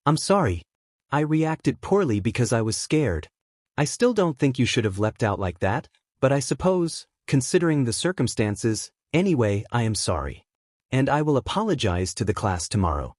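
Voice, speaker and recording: A man voicing a tired adult male teacher who speaks haltingly and earnestly. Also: medium pitch, big pitch swings, a little mellow, no room sound, studio quality.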